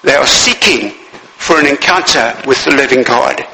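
A man's voice: mid-range voice, normal speed, creaky, pushed and bright, echoey room, long reverb tail, slight background noise, low-quality recording. A male preacher giving a sermon in a church, repeating key phrases and asking his listeners rhetorical questions.

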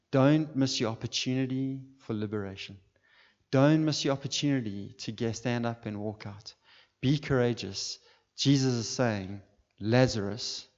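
A man's voice: mid-range voice, darkish tone. A male pastor preaching a passionate sermon, building up to fervent calls to his listeners. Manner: impassioned, rising to calls. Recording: dull sound with long hall reverb.

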